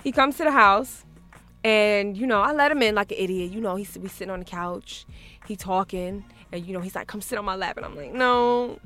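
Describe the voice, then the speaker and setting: A woman's voice: medium pitch, normal speed, fairly bright tone, soft background music. A woman hosting a radio show, telling a story in casual chat, laughing often and acting out both sides.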